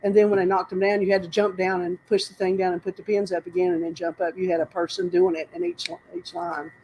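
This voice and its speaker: A woman's voice: fairly low pitch, little pitch movement, fast talker, mellow, slight background noise, low-quality recording. An older woman from North Carolina, telling stories in a casual, rambling interview, often breaking off and laughing. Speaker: interview guest. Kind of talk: casual storytelling.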